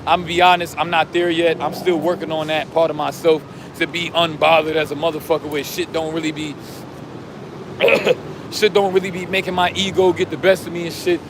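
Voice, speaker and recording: A man vlogging outdoors who rambles in street slang and keeps saying "you know what I'm saying", while he is losing his voice and going hoarse. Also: on the high side, level tone, brisk, noisy background. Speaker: vlogger and self-styled life coach. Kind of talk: casual monologue to camera.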